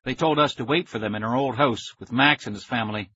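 A man narrating a children's story in the first person with steady storytelling. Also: mid-range voice, quick pace, husky, dry recording, muffled recording. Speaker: audiobook narrator.

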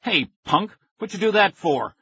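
A man's voice: fairly high pitch, sing-song, a little slow, pushed and bright, husky, no echo, highs cut off, pitched above the performer's own voice, full character voice. A man voicing a mean schoolboy bully with a taunting, sneering manner. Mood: angry.

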